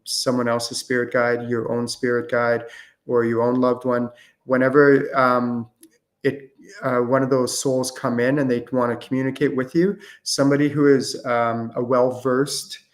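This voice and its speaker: A man hosting a live-streamed question-and-answer show, talking casually with lots of fillers and false starts. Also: medium pitch. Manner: casual, rambling with many fillers and restarts. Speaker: host and spiritual channeling teacher.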